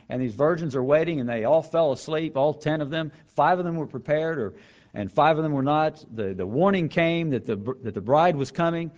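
Guy giving an earnest bible lesson, mid-pitched voice, keeps repeating the key lines, kinda dull lo-fi audio. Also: darkish tone. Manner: earnest, emphatic, repeats key phrases, slows down for scripture quotes. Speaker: Bible teacher. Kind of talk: sermon-style Bible lesson. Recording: slightly dull lo-fi recording.

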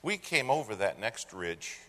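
Animated man telling a folksy story. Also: fairly low pitch, unhurried. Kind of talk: live anecdote storytelling. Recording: long hall reverb, faint noise.

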